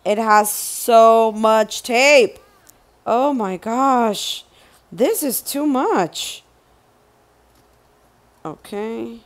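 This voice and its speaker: A young woman with a high, smooth voice unboxing items for her vlog, talking in an unhurried way. She turns excited easily, exclaims often and repeats herself as she shows each item. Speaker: vlogger.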